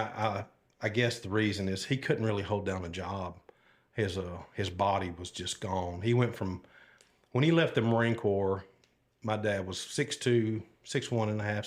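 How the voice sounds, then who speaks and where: This older Alabama man, a retired sheriff's deputy, guests on a podcast and tells stories from his life in a relaxed, folksy way that wanders through plenty of fillers and side remarks. His voice is on the low side, his tone steady, and his pace measured.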